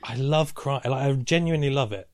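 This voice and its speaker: A man's voice: medium pitch, fairly quick, darkish tone. A man co-hosting a podcast in casual chat, playful and laughing often, with exaggerated asides. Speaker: podcast co-host.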